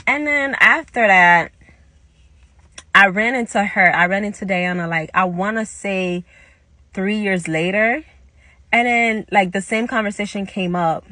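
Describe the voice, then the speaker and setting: A young woman tells a story in a casual monologue. She talks in an animated way, acts out the quoted lines and swears now and then. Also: mid-range voice, measured pace, no room sound. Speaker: vlogger telling a story.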